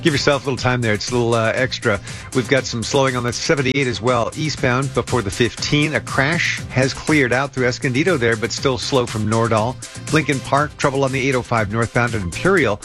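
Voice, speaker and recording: A man reading a radio traffic update, running through roads and delays in a brisk, matter-of-fact way. Faint music sits under his voice. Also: medium pitch, fairly bright tone. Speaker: traffic reporter.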